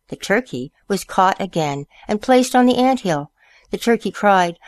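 A woman storyteller reading picture books aloud in a slow, expressive way. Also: fairly low pitch, dry recording.

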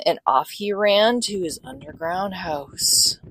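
A woman reading a children's picture book aloud in an expressive, sing-song storyteller manner. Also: fairly low pitch, slow, hardly any pauses, no room sound.

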